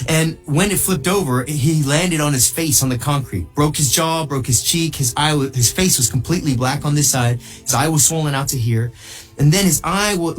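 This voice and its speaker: Animated man sharing a mission testimony, with faint music underneath. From United States. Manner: excitable, jumps high when quoting people, laughs through the telling.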